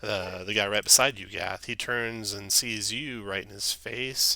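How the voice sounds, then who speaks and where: A man running a tabletop game as dungeon master, brisk and quick to laugh. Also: on the low side, steady tone, vocal fry, sharp tone. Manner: brisk, laughs often, slips into quick character voices.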